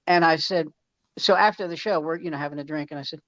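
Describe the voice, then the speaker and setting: A man's voice: a little high, quick pace, fairly bright tone, no room sound. A middle-aged male comedian telling rambling, profane backstage anecdotes in casual chat, with frequent restarts. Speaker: stand-up comedian. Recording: slightly muffled dry recording.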